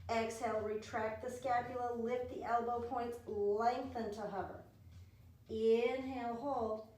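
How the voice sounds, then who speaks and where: A woman's voice: a little high, steady tone, unhurried, darkish tone. A woman leading a home pilates class, counting reps and cueing breaths in an encouraging way. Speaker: pilates instructor. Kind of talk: guided exercise class. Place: dining room at home. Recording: very echoey room, distant mic, faint noise.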